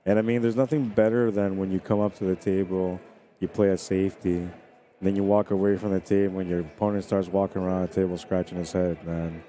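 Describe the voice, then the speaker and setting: A man's voice: sits low, level tone, a little fast, warm tone. A man giving casual, chatty commentary on a pool stream, talking to viewers and laughing. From Spanish heritage.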